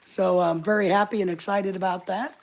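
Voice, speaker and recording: A man hosts a casual livestream from his living room couch. He jokes around and reads out his viewers' comments. His voice has a gravelly, fry-edged texture. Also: high-pitched, steady tone, fairly quick. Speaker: livestream host. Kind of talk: casual live chat.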